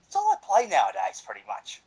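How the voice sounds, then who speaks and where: A man's voice: medium pitch, wildly swooping pitch, quick pace, a little mellow, breathy edge, poor audio. Een man die als medepresentator kortaf en bot over games praat en losjes vloekt. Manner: blunt, terse, swears casually. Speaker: podcast co-host. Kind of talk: casual gaming podcast chat.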